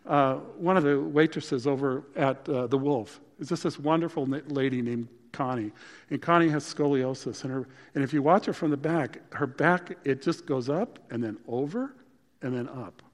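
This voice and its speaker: A man preaching a sermon as pastor, talking in a conversational way and breaking into emphatic, louder bursts. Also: mid-range voice, normal speed, in a large hall.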